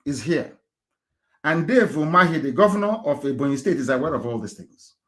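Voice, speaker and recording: A man giving a live radio address in an impassioned, rhetorical way, swinging between loud outbursts and low muttered asides. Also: lively intonation, fairly quick. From Nigeria. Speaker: radio broadcaster.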